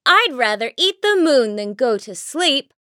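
A woman's voice: sits high, sing-song, unhurried, sharp tone, no echo, studio quality, exaggerated voice. A woman voicing a stubborn, childish young mother in a children's cartoon, whining and pleading. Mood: whiny.

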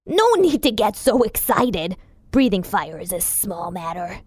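A woman's voice: mid-range voice, sing-song, measured pace, no room sound. A woman voicing a proud, cocky little male fire elf who gives confident advice in a children's storybook. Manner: confident, a bit boastful.

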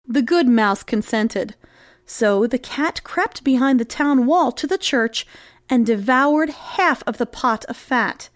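A woman narrating a fairy tale in an expressive, sing-song storytelling manner. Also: fairly high pitch, measured pace, no room sound, clean studio sound.

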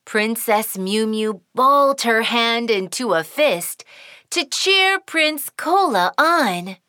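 A woman's voice: fairly high pitch, lively intonation, takes it slowly, sharp tone, no room sound, clean studio sound. Sing-song woman narrating a kids' cartoon. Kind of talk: scripted children's story narration.

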